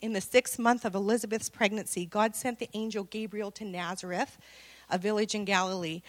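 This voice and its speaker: A woman's voice: mid-range voice, a little fast. A woman, giving a sermon full of personal stories, acting out dialogue and laughing often. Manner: animated storytelling, acts out dialogue, laughs often. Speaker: women's speaker.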